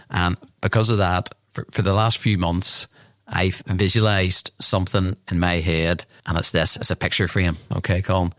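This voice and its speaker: Low-voiced man telling a teasing story. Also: steady tone, normal speed, a bit bright, dry recording, clean studio sound. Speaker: podcast co-host. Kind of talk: casual chat.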